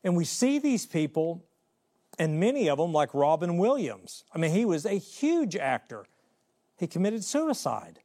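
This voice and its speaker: A man delivers a sermon in a fairly high voice. He preaches with animation, slipping into little voices and quotes to make his points. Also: sing-song, measured pace, warm tone.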